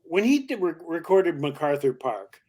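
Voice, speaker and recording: Older male comic guest, a lively raconteur who drops into voices, voice pitched a bit high. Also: moderate pace. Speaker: guest comedian. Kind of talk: anecdotal storytelling.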